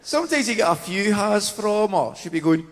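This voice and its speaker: A man's voice: high-pitched, expressive, normal speed. A Glaswegian man doing a chatty, self-mocking stand-up set on a large theatre stage. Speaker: stand-up comedian. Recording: theatre with long reverb, faint noise.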